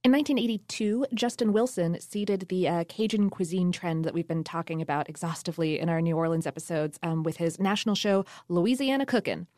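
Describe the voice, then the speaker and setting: A chatty woman co-hosts a casual history podcast and talks with an easy, laughing manner. Her voice sits a little low, and the studio sound is close and dry. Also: fairly quick, hardly any pauses, darkish tone, dry recording. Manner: chatty, laughing, many fillers. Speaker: podcast co-host. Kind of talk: casual conversational history chat.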